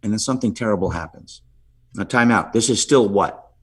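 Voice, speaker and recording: A middle-aged man, a podcast guest, telling a story with lively swings in pitch and frequent "right?" asides. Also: brisk, slightly rough.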